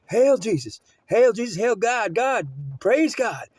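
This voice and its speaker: A man playing a terrified young soldier who cries out the same desperate prayers over and over. His voice climbs high and loud, pleading. The recording is close and dry. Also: lively intonation, unhurried, no echo, heavily acted. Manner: frantic, pleading, repetitive prayer. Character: terrified young male soldier praying on a falling helicopter.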